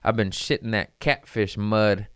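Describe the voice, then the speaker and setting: A man's voice: lowish voice, steady tone, a little slow, clean tone, dry recording, studio quality. A young adult man, a comedian, rambling casually and profanely, laughing between lines.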